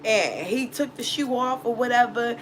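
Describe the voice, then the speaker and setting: A woman's voice: on the high side, normal speed, slight background noise. A woman who reads tarot, telling a personal story casually in a blunt, profane way, laughing often. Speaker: tarot reader.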